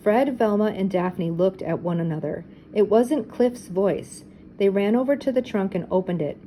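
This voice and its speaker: A woman's voice: mid-range voice, normal speed, mellow, slight background noise, poor audio. Older woman reading a children's story. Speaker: storybook reader. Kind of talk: children's storybook read-aloud.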